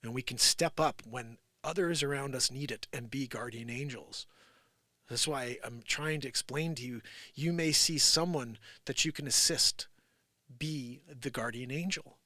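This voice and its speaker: A middle-aged man with a New Jersey accent telling personal stories on a live stream, swinging between loud, animated bursts and hushed reflection. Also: mid-range voice, measured pace, dry recording, clean studio sound. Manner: animated storytelling, acts out quoted voices, swings from loud to hushed. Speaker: live show host. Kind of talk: casual livestream monologue.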